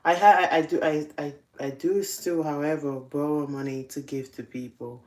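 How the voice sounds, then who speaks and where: Give me a deep-voiced young woman telling funny confessions and laughing a lot. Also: normal speed. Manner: laughs often, confessional and animated. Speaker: host. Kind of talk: casual storytelling.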